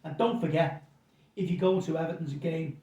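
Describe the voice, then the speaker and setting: A man's voice: fairly high pitch, moderate pace, lo-fi sound. Rambling middle-aged man, roomy. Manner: rambling, repeats words, animated anecdotes. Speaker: pub landlord guest. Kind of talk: casual storytelling interview. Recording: roomy sound from a distance.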